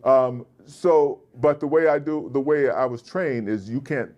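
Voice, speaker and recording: A man, an actor being interviewed, with a deep resonant voice, telling animated stories and slipping into voices. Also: a little slow, muffled recording. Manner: animated storyteller, slips into voices. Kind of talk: casual interview chat. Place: festival convention floor.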